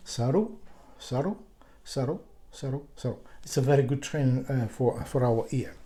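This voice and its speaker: A teacher explaining a kanji study method, speaking haltingly and often restarting sentences while searching for words. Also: mid-range voice, warm tone.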